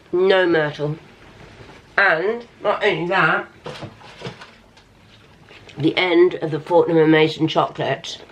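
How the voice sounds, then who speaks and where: A middle-aged woman chats unhurriedly through a home cooking vlog, enthusiastic about her food and quick to poke fun at herself. Her voice sits a little low and she takes her time. The sound is roomy and distant, picked up by the camera across a home kitchen with a faint hum behind her. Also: dull audio. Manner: chatty, self-deprecating, enthusiastic about food. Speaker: vlogger. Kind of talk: casual vlog chat while cooking.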